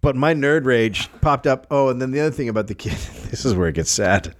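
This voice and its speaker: A man tells a story in casual chat, swearing freely and acting out everyone's lines. His voice swings widely in pitch and sits in a middle register. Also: fairly quick. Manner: profane, animated anecdotes with acted quotes.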